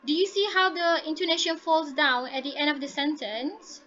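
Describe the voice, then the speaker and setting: A woman's voice: high voice, steady tone, moderate pace, few pauses, bright, forceful tone, highs cut off, slight background noise. A woman teaching an English class online. She is encouraging, says "okay" again and again, and slips Malay words in. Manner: encouraging, repeats "okay" often, mixes in Malay. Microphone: laptop mic on a video call.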